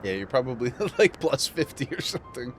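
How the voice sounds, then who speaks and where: A man's voice: mid-range voice, big pitch swings, a little fast, slight background noise. A man streaming a game, chatting casually with viewers and laughing often. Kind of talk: casual live-stream chat while gaming.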